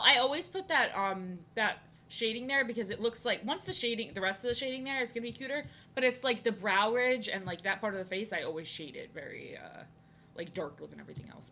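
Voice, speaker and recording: A young woman streamer rambles and jokes at her own expense as she draws, talking in a bright, crisp voice. The recording from her home room carries a faint hiss. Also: mid-range voice. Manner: rambling, self-deprecating, jokey. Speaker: art streamer. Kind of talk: casual chat while drawing on stream.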